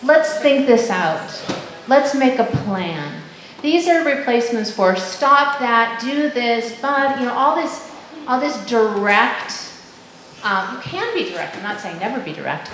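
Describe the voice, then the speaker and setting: A woman in her fifties giving a workshop talk to parents, lively and full of questions, acting out quoted voices. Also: on the high side, moderate pace. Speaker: parent education speaker. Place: school room. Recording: very echoey room with faint noise.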